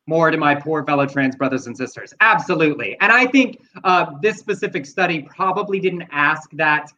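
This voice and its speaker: High-voiced man with a dull, lo-fi sound. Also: expressive, normal speed, sharp tone, slight background noise. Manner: frank and profane, reads out quotes. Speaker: co-host. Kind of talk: casual chat, reading listener comments.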